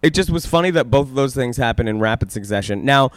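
Smooth-voiced young man, laid-back. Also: medium pitch, animated, no room sound. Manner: laid-back, laughs often, halting with fillers. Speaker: podcast co-host. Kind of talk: casual chat.

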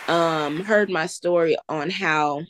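A woman's voice: sits low, slow, fairly bright tone, a little hiss or hum. A woman from the American South, a business founder, telling her story in an earnest, faith-filled, encouraging way during an interview. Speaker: entrepreneur guest. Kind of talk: casual interview chat.

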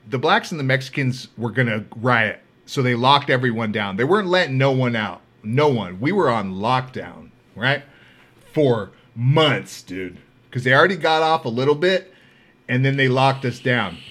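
A man hosting a podcast, telling comedic stories in a loud, profane, laughing way. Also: mid-range voice, expressive, a little slow. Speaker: podcast host. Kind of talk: comedic storytelling.

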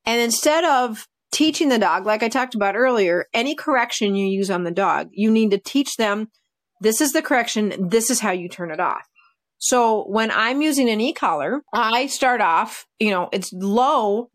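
A woman dog trainer in casual podcast conversation, telling lively stories and acting out her dogs' reactions. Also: on the high side, moderate pace.

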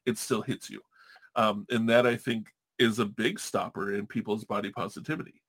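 A man's voice: lowish voice, steady tone, normal speed, a bit bright, breathy edge. A man hosting a casual podcast chat, talking candidly and profanely, rambling through restarts.

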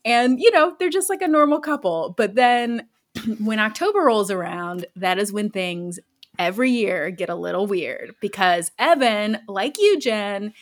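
A woman recounts a funny story to her co-host in relaxed podcast talk. She laughs often and slips into lively voices for the people in her story. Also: medium pitch, a little slow. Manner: laughs often while telling a story, animated quoted voices. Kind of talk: casual storytelling chat.

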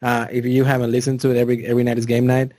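Male podcast host, quick, friendly, upbeat. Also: medium pitch, monotone, darkish tone, no echo, studio quality. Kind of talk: casual chat.

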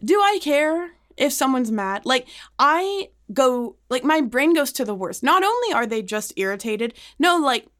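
Female podcast co-host, high and lively, laughing storyteller. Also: unhurried, hardly any pauses. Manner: animated storyteller, laughs often, acts out quotes. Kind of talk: casual chat.

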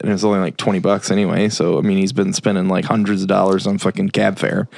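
A man's voice: on the low side, flat delivery, brisk, gravelly, hardly any pauses, dry recording. A man hosting a podcast, casually retelling a film's plot and briefly doing voices for the characters. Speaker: podcast host. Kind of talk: casual film recap.

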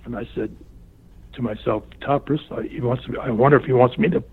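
An older man recounts a wrestling story at an easy middle pitch, popping up into higher voices whenever he quotes someone. The sound is thin and narrow, like a phone line. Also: brisk, breathy edge, dry recording. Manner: animated storyteller who acts out other people's lines in raised voices. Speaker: guest, retired pro wrestler. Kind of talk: anecdotal storytelling interview.

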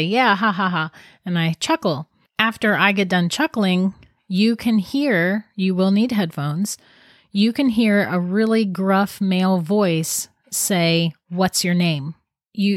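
A woman's voice: on the low side, no room sound, clean studio sound. A woman casually telling viewers about an eerie recording, chatty and intrigued, often restarting her sentences. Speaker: paranormal storyteller.

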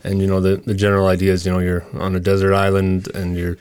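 A middle-aged man in casual conversation as a podcast guest, telling stories with quick laughs and searching for his words. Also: sits low, clean tone, no echo. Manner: animated storyteller, quick laughs.

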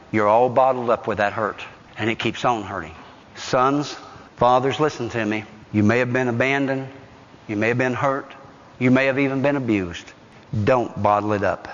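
A male pastor preaching a sermon emphatically, rising loud and dropping soft. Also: medium pitch, long reverb tail, muffled recording. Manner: emphatic, dynamic preaching with sudden loud rises and soft drops.

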